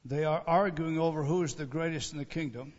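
A man preaching a sermon, retelling scripture with dramatic swings from raised emphasis to a hushed, low voice. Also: brisk. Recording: dull sound in a large reverberant hall.

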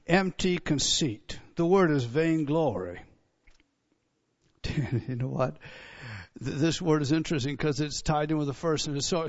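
A man preaching a sermon as pastor, emphatic, building up to near-shouts on key points. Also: on the high side. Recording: dull lo-fi sound.

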